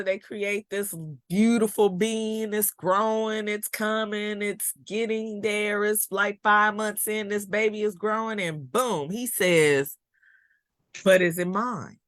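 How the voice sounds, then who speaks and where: A woman's voice: mid-range voice, fairly even intonation, measured pace, fairly bright tone, no echo. A middle-aged woman hosting a casual talk show, chatting in a conversational way and pushing back on her guest's points. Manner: conversational, plays devil's advocate. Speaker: podcast host.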